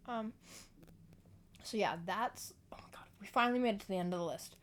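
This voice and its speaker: Young woman vlogging at home, giggly and rambly, says sorry a lot, normal pitched voice. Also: brisk, pauses often. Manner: rambling, giggly and often apologetic. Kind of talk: casual chat to camera. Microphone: external microphone.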